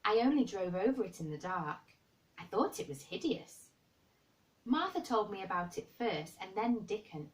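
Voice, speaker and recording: A woman's voice: mid-range voice, big pitch swings, normal speed, far from the mic, voice pushed up, close to an everyday voice, rough recording. A woman reading aloud, voicing a bold, obstinate young girl. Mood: earnest. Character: blunt, stubborn young girl.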